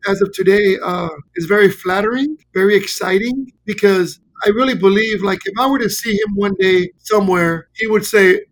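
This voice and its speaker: Brief: male coach guest from California, high voice, lively storyteller who voices the people in his stories. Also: normal speed, hardly any pauses, a little hiss or hum. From California, USA. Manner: animated, acts out quoted dialogue. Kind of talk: casual interview storytelling.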